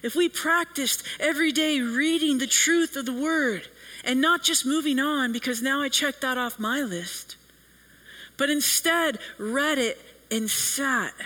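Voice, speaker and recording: Slow, high-voiced male preacher. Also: bright, forceful tone, rough recording. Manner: earnest, measured preaching with long pauses. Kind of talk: sermon.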